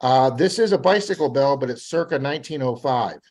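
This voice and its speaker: A man from Florida, a metal detecting guest, telling rambling, animated stories and acting out what people said. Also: medium pitch, a little fast. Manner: rambling, animated anecdotes with acted-out quotes. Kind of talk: casual storytelling on a live podcast.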